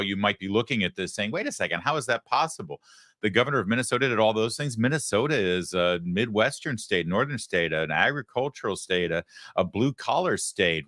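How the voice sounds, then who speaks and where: A man's voice: on the low side, fairly bright tone, dry recording, studio quality. A middle-aged man from Michigan hosting a political talk show, delivering an emphatic, sarcastic monologue. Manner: sarcastic, emphatic, quick asides.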